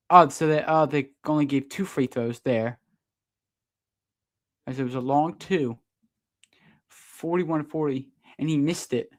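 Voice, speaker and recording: A man doing live fan play-by-play of a basketball game, partisan and quick to protest the referees' calls. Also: fairly high pitch. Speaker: sports streamer doing play-by-play.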